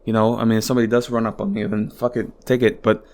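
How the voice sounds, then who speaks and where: A man's voice: on the low side, level tone, fast, darkish tone. A man hosting a podcast, talking alone in a rambling, exasperated way with lots of swearing and filler words, from his home. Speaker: podcast host. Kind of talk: casual solo podcast monologue.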